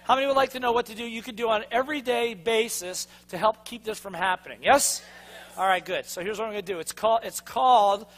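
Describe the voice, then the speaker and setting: A man giving an energetic motivational seminar talk, firing questions at a live audience and urging them to respond. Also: high voice, fast. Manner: energetic, punchy, constantly asks the audience to respond. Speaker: motivational speaker.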